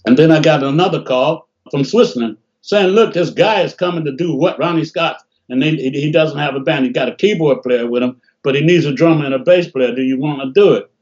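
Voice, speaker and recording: An older man from Detroit telling animated stories in a casual interview over a video call, often acting out what people said. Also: a little high, a little fast, hardly any pauses. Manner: animated, laughing storyteller, acts out quotes. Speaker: interview guest, bassist. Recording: dull lo-fi call audio.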